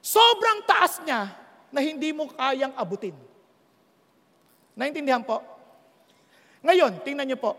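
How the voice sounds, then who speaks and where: A woman preaching a sermon, often checking that her listeners are following and slowing down to stress key words. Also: high voice, animated. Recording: long hall reverb.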